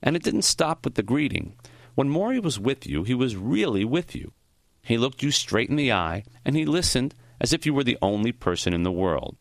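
A man's voice: medium pitch, big pitch swings, moderate pace, no echo. Male audiobook narrator, first-person memoir, reflective storytelling, dry close sound.

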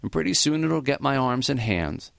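A man reading the part of a frail, dying old male professor who speaks gently and matter-of-factly. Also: mid-range voice, animated, gravelly, no echo, studio quality, pitched above the performer's own voice. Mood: gentle. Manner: gentle, unhurried, matter-of-fact.

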